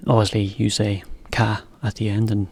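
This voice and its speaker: A man giving a relaxed English lesson to Japanese learners, explaining with simple examples. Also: on the low side, moderate pace, breathy edge, no room sound. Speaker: English teacher.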